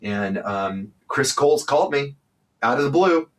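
A man's voice: mid-range voice, expressive, a little slow. A man from California speaking candidly as an interview guest, blunt, emphatic and freely profane.

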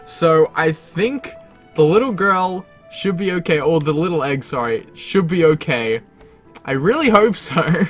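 An excitable man narrating his game in a lively, bouncy voice that sits a little high. He laughs often and chats to the creatures on screen, with faint music playing underneath. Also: a little slow. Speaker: gaming channel host. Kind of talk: casual gameplay commentary.

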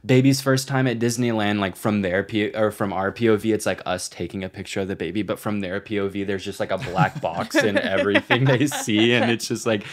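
A man's voice: lowish voice, animated, fairly quick, hardly any pauses. A young man in his twenties, co-hosting a podcast, rambling in casual chat with lots of swearing and filler words. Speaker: podcast co-host.

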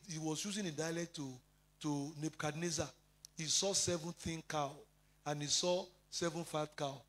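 A man preaches a sermon in a high-pitched voice. He moves through scripture references and personal testimony, with the occasional filler. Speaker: pastor.

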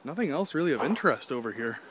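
Walking by a pond on a golf course, a young man from Canada vlogs casually on his phone, joking around, rambling, and dropping the odd swear. He talks quickly at a medium pitch with big swings in intonation. The background is noisy.

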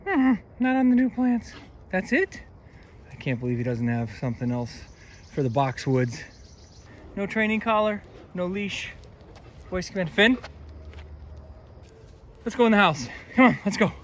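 A man runs a casual home vlog about his dogs, speaking with a slightly raised pitch and an affectionate, chatty manner. He moves between the house and the yard, giving patient, repeated commands. A faint background noise stays under his voice throughout. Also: very animated, a little slow, long pauses. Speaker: dog channel host.

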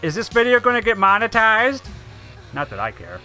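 A man's voice: sits high, wildly swooping pitch, moderate pace, soft background music. A man giving silly, giggly let's play commentary over a video game. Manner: giggly, silly and loud, laughing often. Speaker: gameplay commentator.

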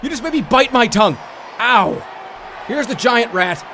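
A man doing excited mock sports commentary as a streamer, shouting like an announcer. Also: extremely high pitch, moderate pace, a crowd in the background, background noise.

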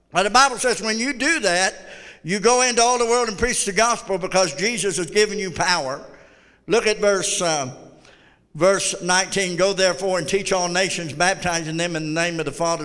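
Pastor, male, blunt folksy preacher, sharp tense tone, reverberant sanctuary. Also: sits high, clean tone. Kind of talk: sermon. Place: church sanctuary.

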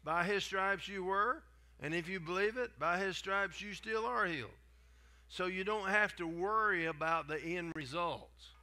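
Folksy older preacher, bright voice. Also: male voice, sits high, a little slow. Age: 70s. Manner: folksy, conversational preaching with restarts and asides. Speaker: guest preacher. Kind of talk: sermon.

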